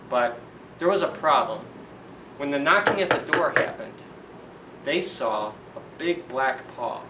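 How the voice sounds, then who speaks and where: A man retelling a fairy tale for children's story time in a chatty, animated way, asking the kids questions. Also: medium pitch, slight background noise. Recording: roomy echo, distant from the mic.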